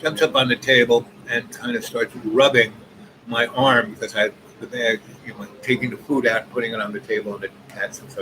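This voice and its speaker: A man's voice: medium pitch, fairly even intonation, brisk. A man in his seventies rambling through a long personal story with many asides. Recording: noisy background ambience.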